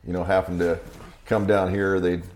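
A man's voice: deep voice, little pitch movement, moderate pace, a little mellow. A man from Idaho hosting a podcast, chatting casually and telling jokey stories with frequent laughter. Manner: joking storyteller, laughs often. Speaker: podcast host. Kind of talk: casual chat.

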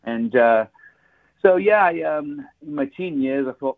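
A man's voice: fairly high pitch, animated, a little slow. An Englishman with a British accent telling his story as a podcast guest, chatty and laughing often. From England. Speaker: guest, recruiting firm CEO. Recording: phone-like narrow line.

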